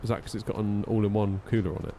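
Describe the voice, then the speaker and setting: A man's voice: on the low side, little pitch movement, racing, mellow, slight background noise. A man chatting casually on a flight sim live stream, wry and a little tired, reading out chat messages as he goes. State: yawning, tired.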